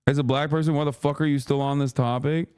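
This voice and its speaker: A man's voice: a little high, fairly even intonation, quick pace, darkish tone, clean tone. A man streamer ranting heatedly at his chat, swearing a lot and mocking people in a sarcastic put-on tone. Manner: angry, swearing, sarcastic mock quoting. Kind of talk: heated profane rant to chat.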